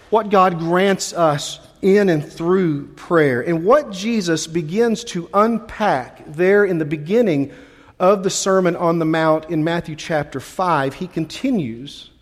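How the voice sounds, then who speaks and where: A man preaching as a pastor, telling a chatty, self-deprecating story with frequent restarts before turning to the sermon. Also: fairly high pitch. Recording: long reverb of a large hall.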